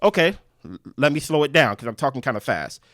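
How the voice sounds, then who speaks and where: Animated man with a dry close-mic sound. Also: medium pitch, dry recording. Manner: animated, fast, theorizing with repeated "right?". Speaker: podcast co-host. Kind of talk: casual recap chat.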